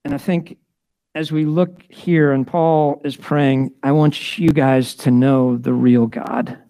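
A man's voice: mid-range voice, steady tone, takes it slowly, warm tone, no room sound. A middle-aged man giving a conversational sermon, acting out prayers in shifting voices. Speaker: pastor.

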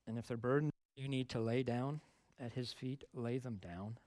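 Brief: middle-aged male pastor, plain mid-pitched voice, casual earnest preaching, close dry sound. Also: moderate pace, a little mellow, dry recording. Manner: conversational, earnest, rising to emphatic stresses. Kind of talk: sermon.

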